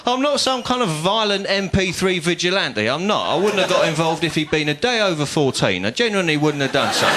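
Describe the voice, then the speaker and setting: A man's voice: high-pitched, very noisy. A man from England, doing a stand-up routine on a comedy club stage, telling a story in a dry, self-mocking way. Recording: live club with loud audience laughter.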